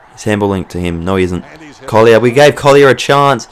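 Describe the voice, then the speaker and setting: A young Australian man giving excitable, sweary play-by-play commentary over a football video game he is playing. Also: medium pitch, a little fast, hardly any pauses, a little hiss or hum. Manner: mock sports commentator, swears freely when excited. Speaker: gaming channel host.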